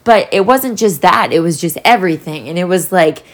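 A woman's voice: lowish voice, expressive, normal speed. A young woman talking candidly in a solo vlog, rambling and swearing freely as she reflects. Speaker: vlogger. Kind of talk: casual solo vlog talk.

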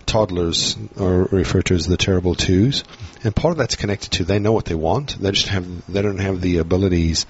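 A low-pitched man with a husky edge talks through his ideas in an earnest, reflective podcast chat. The audio is dull and lo-fi, and he speaks in long, explaining stretches. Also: a little fast, few pauses. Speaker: podcast guest, parent.

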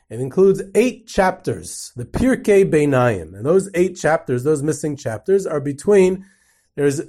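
A man with a somewhat high-pitched voice teaches a lecture on a religious book. He explains things patiently as he goes, often restarting phrases and repeating words while he searches for the right way to say something. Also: warm tone. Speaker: Torah lecturer. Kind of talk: unscripted lecture.

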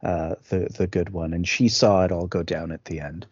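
Male podcast co-host, easygoing film chat, stammers and restarts, raspy voice, muffled lo-fi sound. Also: low voice, steady tone, normal speed, a little mellow, dry recording. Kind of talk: casual film discussion.

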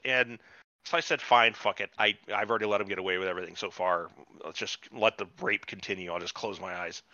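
A man co-hosting a casual podcast, animated and profane, acting out characters as he retells scenes. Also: lowish voice, a little fast, dry recording, muffled recording. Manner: animated, swears a lot, acts out characters mid-story. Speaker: podcast co-host. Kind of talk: casual profane recap chat.

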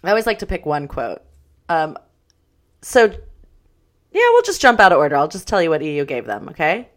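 Animated woman co-hosting a podcast. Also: sits low, brisk. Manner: animated, swears freely, reads quotes aloud. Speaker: podcast co-host. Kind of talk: casual chat.

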